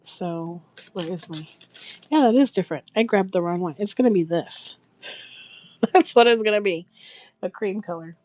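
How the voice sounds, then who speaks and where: A woman's voice: mid-range voice, normal speed, pauses often, a little mellow, no room sound. Chatty woman hosting a craft live stream. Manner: chatty, rambling, laughs often, talks to viewers by name. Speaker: craft seller and live show host. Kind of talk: casual live-stream sales chat.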